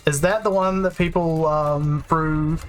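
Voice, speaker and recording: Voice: mid-range voice, steady tone, measured pace, soft background music. A let's play gamer talking casually while playing, swearing freely and joking at their own expense. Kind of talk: casual gameplay chat.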